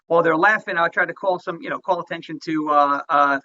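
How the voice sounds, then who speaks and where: A man's voice: fairly high pitch, fast, pushed and bright, muffled recording. A man guest in an interview, rambling with fillers and chuckling as he talks. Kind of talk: interview conversation.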